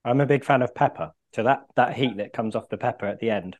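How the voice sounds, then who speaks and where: A man's voice: mid-range voice, quick pace. Male podcast host, casual, chats while chewing. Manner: talking while chewing food.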